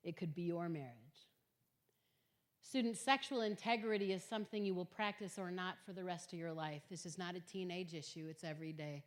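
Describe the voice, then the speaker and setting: A middle-aged woman giving an earnest Christian talk to high school students, telling stories emphatically and swinging from quiet to loud. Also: fairly even intonation, fast talker, few pauses. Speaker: guest speaker at a high school. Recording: long hall reverb.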